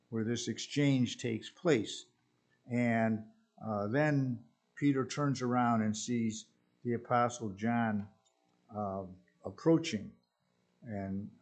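A man delivers a sermon at a slow, deliberate pace. His voice sits at an ordinary middle pitch. He pauses often, restarting phrases with fillers as he works through his thoughts. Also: a little mellow. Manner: hesitant, many fillers and restarts. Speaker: preacher.

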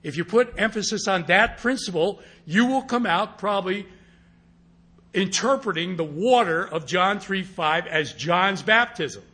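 A man's voice: high voice, lively intonation, measured pace, pushed and bright, breathy edge. A man teaching a class on interpreting scripture, speaking emphatically and often checking that his listeners follow. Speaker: Bible teacher.

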